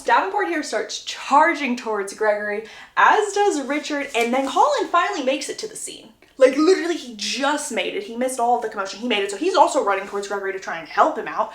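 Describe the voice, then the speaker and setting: A woman recaps a story in a casual, gossipy way. Her voice sits a bit high and stays animated. The recording carries a roomy echo. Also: a little fast. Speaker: book recap creator.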